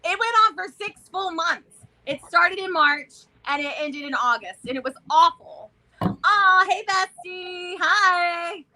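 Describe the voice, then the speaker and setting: A woman with a Southern American accent, co-hosting a casual vlog chat in an animated, chatty way. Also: extremely high pitch, measured pace, low-quality recording. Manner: animated, chatty, loud exclamations and laughs. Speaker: vlog co-host.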